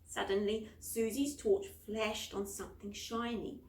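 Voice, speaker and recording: A woman reading her own children's picture book aloud, expressive and animated. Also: medium pitch, measured pace, slight background noise. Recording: echoey room.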